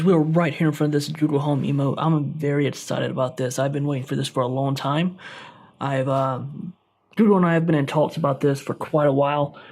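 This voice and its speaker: A man's voice: fairly high pitch, darkish tone. A young man hosting a mock product review, gushing with over-dramatic enthusiasm. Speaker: tech YouTuber.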